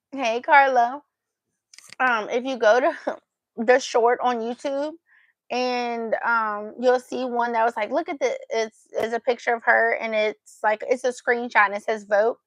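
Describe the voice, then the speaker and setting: A woman's voice: a little high, a bit bright, dry recording. Woman chatting playfully on a livestream. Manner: playful baby talk with her pet, chatting to viewers. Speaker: livestream host. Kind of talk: casual livestream chat.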